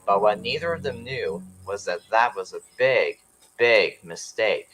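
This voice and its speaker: Male storyteller, expressive and dramatic, clear music under the reading. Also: fairly low pitch, a little slow, low-quality recording. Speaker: narrator.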